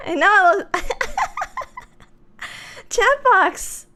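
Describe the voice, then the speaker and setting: Giggly high-voiced woman streamer, hoarse. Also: big pitch swings, measured pace, sharp tone. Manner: giggly, chatty, talks to her chat. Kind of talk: casual live-stream chat.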